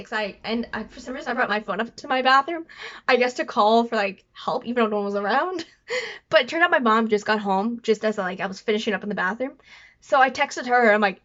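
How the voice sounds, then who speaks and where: A woman chats to camera in a bright, forward voice that sits a little high. She rambles, trips over her words and apologizes as she goes, and the recording sounds somewhat dull and lo-fi. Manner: rambling, stutters and restarts. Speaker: vlogger. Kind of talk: casual storytelling to camera.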